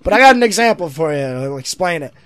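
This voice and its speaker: A congested man doing an impression of a deadpan folksy comedian, drawling through a rambling shaggy-dog joke full of "you know" fillers. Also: a little high, fast, no room sound.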